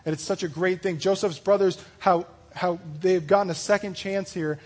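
A man giving a casual youth sermon, chatty and full of "like" and "you know", acting out the story's speakers in quick asides. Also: high voice, steady tone. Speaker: youth pastor.

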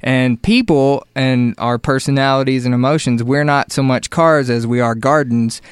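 A man co-hosting a radio talk show, calmly explaining a point with everyday examples. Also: mid-range voice, smooth, no echo, clean studio sound. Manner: earnest, unhurried, explains with examples. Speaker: co-host. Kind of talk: casual radio chat. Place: radio studio.

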